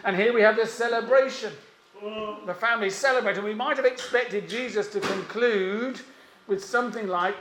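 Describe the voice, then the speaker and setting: A man preaching a sermon, emphatic and pausing often, with rhetorical questions. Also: high voice, fairly bright tone, slight background noise. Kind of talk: expository sermon. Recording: echoey room.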